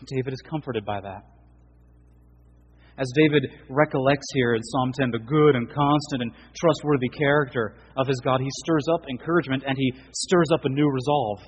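A man preaching an earnest sermon as pastor, his voice swelling for emphasis and dropping low and soft. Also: moderate pace, highs cut off, a little hiss or hum.

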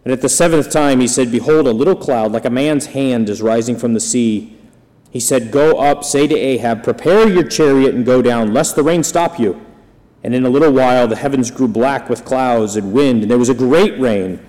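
Male scripture reader, mid-pitched, dramatic emphasis on the quotes, long hall echo. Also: normal speed, mellow. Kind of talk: expressive scripture reading.

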